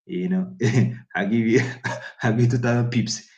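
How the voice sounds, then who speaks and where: A man voicing gold as an indulgent, generous male boss, in a lazy, drawn-out manner. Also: mid-range voice, fairly even intonation, darkish tone, lo-fi sound, natural voice.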